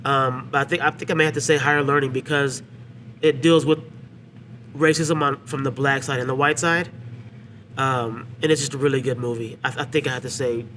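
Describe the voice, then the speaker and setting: Bright-voiced man recapping a movie. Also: medium pitch, steady tone, fairly quick, slight background noise. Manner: retells scenes with quoted lines. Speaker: podcast co-host. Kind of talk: casual film discussion.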